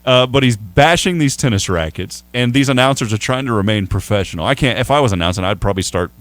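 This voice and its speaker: A man's voice: medium pitch, fast, dry recording. A man hosting a sports radio show, talking casually and jokingly in a studio. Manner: animated, chatty, jokey.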